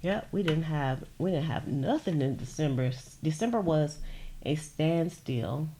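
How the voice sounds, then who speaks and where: A woman's voice: low-pitched, animated, unhurried, dark tone, a little hiss or hum. A woman chatting casually with viewers while she makes journal pieces at a sewing machine, laughing often and addressing them as "y'all". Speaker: junk journal crafter. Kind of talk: casual crafting livestream chat. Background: sewing machine running.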